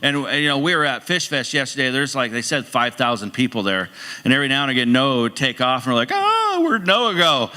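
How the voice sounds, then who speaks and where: A man's voice: mid-range voice, fast talker, pushed and bright, clean tone. A middle-aged male pastor giving a casual, rambling sermon in a church, full of restarts and humorous asides. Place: church sanctuary. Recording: long hall reverb in a church.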